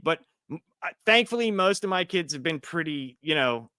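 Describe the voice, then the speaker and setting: A man chatting as a podcast guest, telling stories in a profane, animated way. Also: fairly high pitch, normal speed, clean tone, no room sound. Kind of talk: casual podcast chat.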